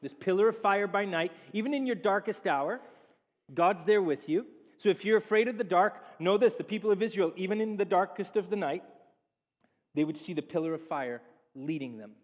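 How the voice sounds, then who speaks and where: High-voiced male pastor preaching. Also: moderate pace. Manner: animated preaching, acts out quoted speech. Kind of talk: sermon. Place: church sanctuary. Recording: long church reverb.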